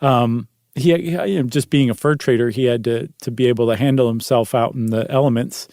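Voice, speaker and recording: A man's voice: medium pitch, steady tone, fairly quick, darkish tone, dry recording. A man co-hosting a podcast in casual chat, easygoing with dry teasing and frequent ums. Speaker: podcast co-host.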